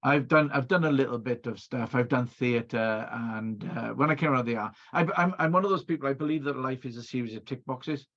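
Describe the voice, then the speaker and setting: A man's voice: medium pitch, fairly quick, hardly any pauses, fairly bright tone, muffled recording. A middle-aged Welsh man, a video producer, chatting over a video call and telling stories with many restarts. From Wales. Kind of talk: casual interview chat.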